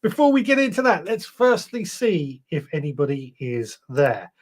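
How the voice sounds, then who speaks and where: A man's voice: fairly high pitch, sing-song, normal speed. A man hosting a gardening live stream, chatting casually and greeting viewers one by one. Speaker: podcast host. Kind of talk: live stream chat reading viewer comments.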